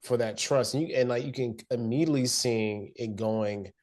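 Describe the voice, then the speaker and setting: A man co-hosting a podcast, discussing a TV episode in relaxed casual talk and quoting characters in a plain voice. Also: mid-range voice, moderate pace. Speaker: podcast co-host. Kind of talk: casual TV recap chat.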